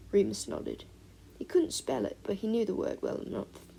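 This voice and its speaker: Woman narrating an audiobook, gravelly husky voice, mellow tone, lots of lilt. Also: mid-range voice, wildly swooping pitch, moderate pace, slight background noise, poor audio. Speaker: audiobook reader. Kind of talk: fan-fiction audiobook narration.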